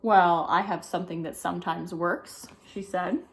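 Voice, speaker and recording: A woman reading a children's picture book aloud, with lively delivery and chatty asides about the pictures. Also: lowish voice, normal speed. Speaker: storybook reader.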